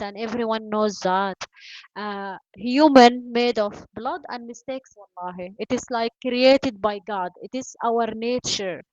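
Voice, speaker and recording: A woman whose first language is not English, teaching an online English class by video call, encouraging and filling pauses with "you know" and "uh". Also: on the high side, no room sound. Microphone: video call mic. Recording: dull lo-fi video call audio.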